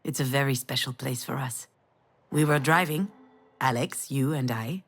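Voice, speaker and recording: An actress playing a gentle middle-aged mother in a visual novel, telling a memory in a soft, reminiscing way. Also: very deep voice, normal speed, full character voice. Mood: tender. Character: tender mother recalling the past, gentle. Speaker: game character. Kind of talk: visual novel storytelling monologue.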